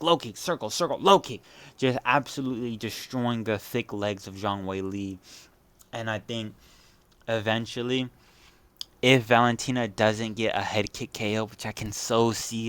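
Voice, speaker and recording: A man's voice: lowish voice, smooth, no echo. Young man, casual fight-prediction rant, profane and blunt, dry close sound. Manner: blunt, profane, animated rants with repeated phrases. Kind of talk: casual solo commentary.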